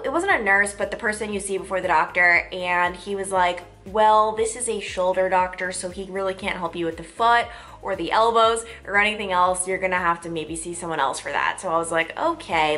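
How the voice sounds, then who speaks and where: A woman's voice: mid-range voice, pushed and bright. Chatty young woman vlogging to camera. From Long Island, New York. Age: 20s. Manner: chatty, lots of "like", frustrated and dramatic. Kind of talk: casual vlog chat to camera.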